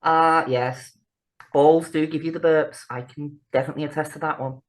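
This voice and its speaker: A woman's voice: low voice, steady tone, moderate pace. A woman, co-hosting a podcast in casual chat, laughing often, swearing freely and bantering. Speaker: podcast co-host.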